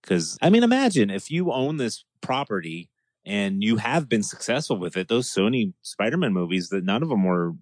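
Lively low-voiced man chatting. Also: moderate pace, no echo. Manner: animated, acts out quoted lines. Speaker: podcast co-host. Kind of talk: casual chat.

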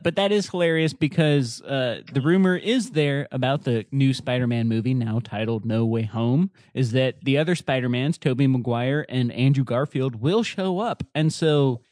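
A man co-hosting a casual podcast chat, upbeat and quick to laugh. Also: mid-range voice, darkish tone, no echo, clean studio sound. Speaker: podcast co-host.

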